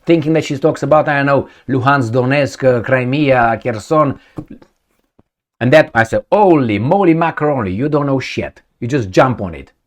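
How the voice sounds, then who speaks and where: A man's voice: mid-range voice, moderate pace. Blunt rambling man mocking politicians. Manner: gropes for names, many fillers and restarts. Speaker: political commentator. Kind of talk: casual monologue.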